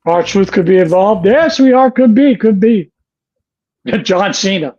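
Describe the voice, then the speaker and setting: High-voiced man on a dull, lo-fi line. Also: lively intonation, slow, a little mellow. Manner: blunt, profane, laughs easily. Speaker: podcast guest. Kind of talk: casual wrestling chat.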